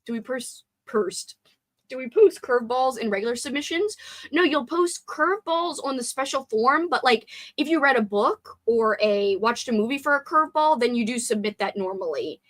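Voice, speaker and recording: A woman's voice: on the high side, expressive, normal speed, a bit bright. A woman hosting a livestream, chatting casually, reading viewer comments aloud and grumbling with playful swearing. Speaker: livestream host.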